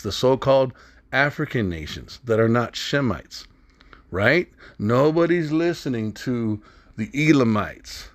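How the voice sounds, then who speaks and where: A man's voice: mid-range voice, lively intonation, unhurried. A man teaching from the Bible and commenting as he goes, emphatic and blunt, often asking his listeners rhetorical questions. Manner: blunt, drops into swearing.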